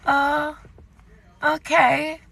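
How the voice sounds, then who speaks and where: A woman voicing a caring, concerned young female supermarket worker who speaks gently and hesitantly. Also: high voice, level tone, extremely slow, gravelly, pitched above the performer's own voice, exaggerated voice, rough recording.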